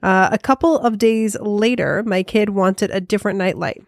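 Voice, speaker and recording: Woman, playful podcast co-host, medium pitch, dry close sound. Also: moderate pace, creaky, no room sound. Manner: playful, reads listener mail aloud. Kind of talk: casual podcast chat.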